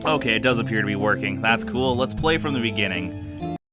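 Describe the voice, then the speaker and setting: A man's voice: on the low side, expressive, brisk, over music. A man casually commenting while playing games on a stream, joking and self-deprecating. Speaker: game streamer. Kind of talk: casual let's-play commentary.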